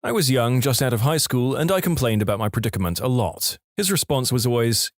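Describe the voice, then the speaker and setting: A man narrating reddit stories in a lively, expressive storytelling manner. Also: mid-range voice, fairly quick, dry recording, studio quality.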